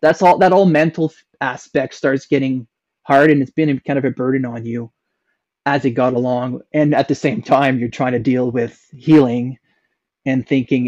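A young Canadian man shares a long personal story as a podcast guest, his slightly mellow voice fairly even in intonation and moderate in pace. It's casual, rambling storytelling with many fillers and restarts. The audio is dull and low-fidelity, without echo.

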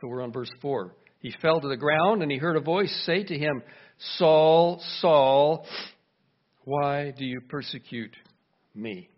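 A man preaching a sermon in a lively way, acting out the voices he quotes and asking his congregation questions. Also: medium pitch, moderate pace. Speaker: pastor. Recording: dull lo-fi recording.

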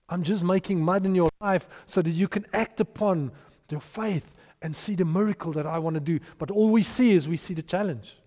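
A man's voice: sits high, brisk. A man preaching a sermon as pastor, emphatic, sometimes raising his voice when acting out scripture. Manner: emphatic, rising to shouts for quoted voices. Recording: long hall reverb.

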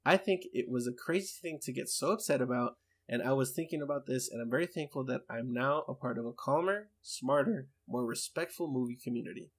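Reading listener emails aloud, this man from England co-hosts a podcast with enthusiastic, filler-heavy chatter. He speaks a little fast at a medium pitch, with a breathy edge.

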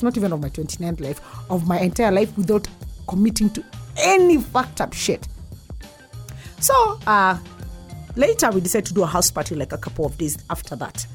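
A Kenyan woman tells a story as a blunt, foul-mouthed rant, slipping between English and Swahili. Her voice sits a little high and swings widely in pitch. Faint music plays behind her. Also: a little mellow. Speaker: vlogger.

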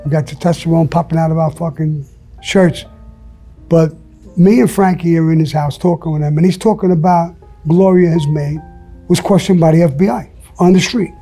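Fairly high-pitched yet warm, this man's voice holds a steady tone at a moderate pace, with soft music in the background. As an interview guest, he tells stories in a casual, blunt, profane way, acting out the quotes.

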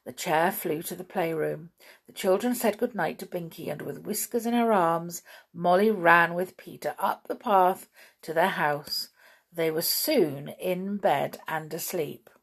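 A woman reading a children's story aloud in a gentle, expressive way. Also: fairly low pitch, measured pace, vocal fry, breathy edge.

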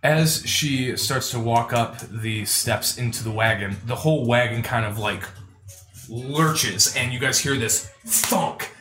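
A man running a tabletop game as game master, narrating with many hesitant pauses. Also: mid-range voice, sharp tone, soft background music. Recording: echoey room.

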